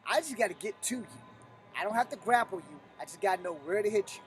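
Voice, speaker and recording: Blunt, cussing middle-aged man, high voice. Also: animated, quick pace, faint music behind. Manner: blunt, profane, emphatic. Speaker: martial arts instructor. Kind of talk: live-streamed teaching talk.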